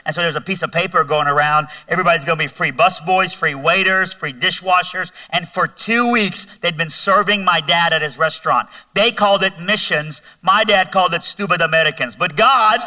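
A man telling his testimony from a church stage, chatty and animated, and poking fun at himself. His voice is bright and forceful, pitched a little high. He sounds some distance from the microphone. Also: no room sound. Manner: animated, conversational, self-mocking humor. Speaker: guest speaker giving testimony. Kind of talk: sermon testimony storytelling.

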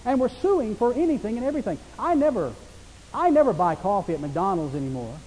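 A man's voice: high voice, big pitch swings, brisk, a little mellow, in a large hall, slight background noise, rough recording. A man preaching a sermon as a pastor, conversational and emphatic, asking his listeners rhetorical questions.

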